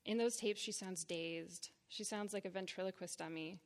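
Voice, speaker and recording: Woman, 30s, writer reading her memoir live; measured phrasing, gravelly edge. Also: lowish voice, steady tone. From Boston area, United States. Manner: deliberate, measured reading in short phrases with blunt frankness. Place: reading series event before an audience.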